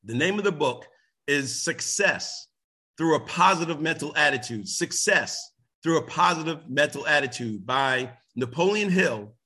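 Energetic husky-voiced male motivational speaker. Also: unhurried. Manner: energetic, jumps to high excited shouts; rambling with many restarts and asides. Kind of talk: live motivational talk.

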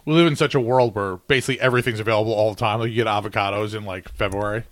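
A man's voice: lowish voice, steady tone, racing, fairly bright tone, a little hiss or hum. A man chatting casually and telling stories as a podcast co-host. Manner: chatty, storytelling. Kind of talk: casual chat.

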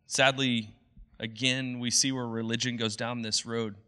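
A man's voice: medium pitch, level tone, unhurried, bright, forceful tone. A young adult man preaching a sermon as a pastor, in an earnest, conversational way. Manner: earnest, conversational, acts out quoted voices.

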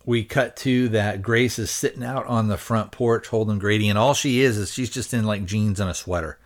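A man's voice: fairly low pitch, normal speed. A man hosting a podcast and recapping a film's plot in a loose, rambling way, hedging and restarting as he searches for words. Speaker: podcast host reviewing a film. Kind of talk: casual spoken film recap.

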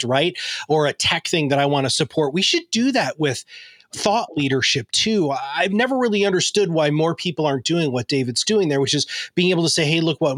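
A man's voice: a little high, a bit bright, no echo, clean studio sound. Upbeat man hosting an interview. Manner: enthusiastic, wraps up with thanks. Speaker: interview host. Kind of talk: live-stream interview hosting.

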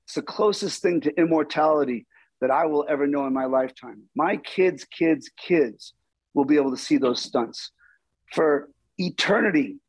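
Husky-voiced man telling animated stories. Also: a little high, normal speed, no room sound, poor audio. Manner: animated, acts out quoted dialogue. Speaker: stunt performer. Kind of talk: storytelling interview.

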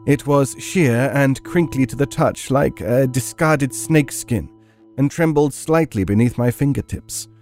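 A man narrating a dark story in a measured, dramatic storytelling manner. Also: mid-range voice.

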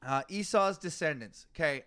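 Smooth-voiced man reading aloud, exasperated. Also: fairly high pitch, normal speed, pushed and bright, dry recording, clean studio sound. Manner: exasperated, swears while reading long name lists. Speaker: podcast co-host reading scripture. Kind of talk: casual chat and reading aloud.

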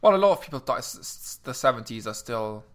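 A man's voice: mid-range voice, expressive, fast. A man, a podcast guest, chatting in an easygoing way and often restarting his sentences. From France. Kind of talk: casual chat.

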